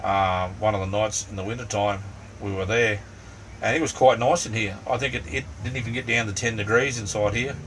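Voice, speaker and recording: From inside a small camper van, a middle-aged Australian livestream host rambles through an easygoing chat with viewers, sprinkling in ums and "mate." His lowish, slightly bright voice moves fairly quickly with fairly even intonation. A running fan hums faintly, and the mic sits at a distance.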